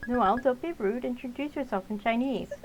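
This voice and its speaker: A woman's voice: a little high, fairly quick, music in the background, natural voice, low-quality recording. A woman voicing a firm, scolding middle-aged mother. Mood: stern.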